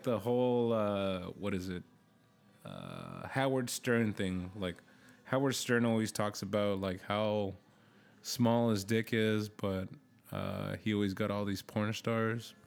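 A young man chatting as a podcast guest, halting and full of fillers. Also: on the low side, creaky. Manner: slow, halting, many fillers. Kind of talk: casual chat.

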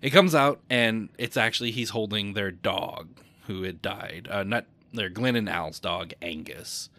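A man's voice: fairly low pitch, measured pace, sharp tone. A man co-hosting a podcast, casually recapping a movie plot, rambling and correcting himself. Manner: rambling, self-correcting, chuckles often. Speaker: podcast co-host.

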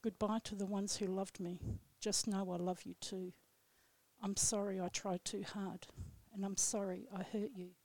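This woman recites her own poem in a slow, solemn, measured way. Her voice sits in a middle pitch with very little rise and fall. The studio sound is dry and close. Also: flat delivery, a little mellow, dry recording. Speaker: radio guest poet. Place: radio studio.

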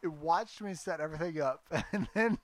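A man's voice: fairly high pitch, normal speed. A man co-hosting a casual podcast, teasing and joking in banter. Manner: joking, puts on mock accents. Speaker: podcast co-host.

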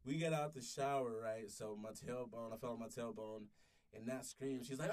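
A man's voice: mid-range voice, brisk, a little mellow, far from the mic. Brief: young man in his 20s, rambling profane storyteller, voice set back from the mic. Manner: rambling, profane, with many restarts. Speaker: podcast storyteller. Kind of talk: casual storytelling chat.

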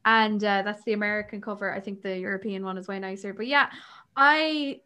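Bright, chatty young woman. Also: medium pitch, brisk, clear, resonant tone. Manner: chatty, laughing, frequent fillers. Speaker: podcast co-host. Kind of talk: casual book chat.

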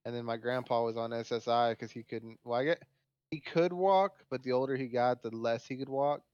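A man's voice: medium pitch, flat delivery, fairly quick, darkish tone, dry recording, dull audio. A man co-hosting a podcast in casual chat, blunt and offhand, swearing freely. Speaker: podcast co-host.

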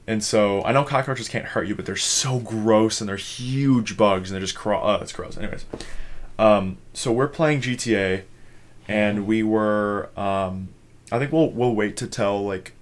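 A man's voice: on the low side, unhurried. A young man from Minnesota, a podcast co-host, telling a rambling story in casual chat, swearing freely and using many fillers.

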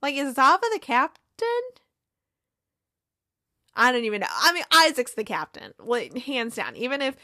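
A woman's voice: high voice, big pitch swings, normal speed, long pauses, bright, forceful tone, no echo, clean studio sound. A woman hosting a casual TV recap, retelling scenes with quoted lines and frequent laughs. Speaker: TV recap podcast host.

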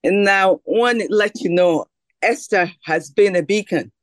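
A woman calling in to a video call podcast, speaking warmly and haltingly with many pauses. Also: mid-range voice, dry recording. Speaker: caller, family friend. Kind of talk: casual chat on a video call.

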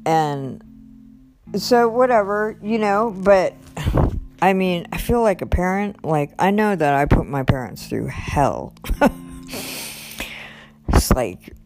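A woman's voice: slow, long pauses, faint music behind. A middle-aged woman candidly recounting a personal story, quoting others with lots of "like" and "you know.". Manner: animated retelling, quoting others with rising pitch, fillers like "like" and "you know".

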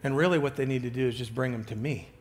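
Soft music plays behind a mid-range male voice delivering a sermon. The pastor shifts from booming emphasis to near-whispers, with halting restarts along the way.

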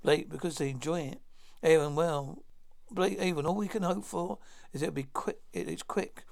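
Male reader with a gravelly, somewhat high voice who plainly reads out a drama script, speaker names included. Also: moderate pace. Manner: announces each speaker's name before the line. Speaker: narrator reading all parts. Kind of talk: plain read-through of a script.

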